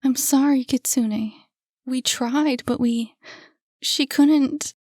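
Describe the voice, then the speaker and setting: A woman's voice: sits high, fairly even intonation, takes it slowly, a little mellow, no room sound, clean studio sound, voice pushed up. Lady doing a crying mom, pleading, voice up and strained, storybook. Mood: tearful. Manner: tearful, pleading. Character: grieving mother comforting her son.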